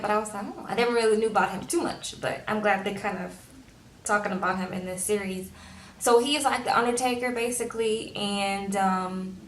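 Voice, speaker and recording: A woman's voice: mid-range voice, a little hiss or hum. A young woman from Louisiana, sassily recapping a TV episode in casual chat and acting out the characters' lines. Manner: chatty and sassy, acts out characters' lines. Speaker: TV recap vlogger. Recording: echoey room.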